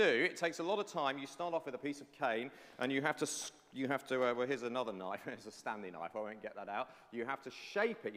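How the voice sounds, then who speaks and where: A man giving a lively children's talk in a church service, telling a personal story before the reading's lesson. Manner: animated storytelling, lively pitch. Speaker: preacher. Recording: hall reverb.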